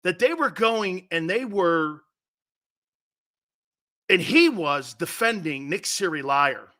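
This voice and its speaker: Bright, high-voiced ranting sports talk host. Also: male voice, animated, takes it slowly. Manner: blunt, profane, repeats his point hammering it home. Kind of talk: opinionated sports talk rant.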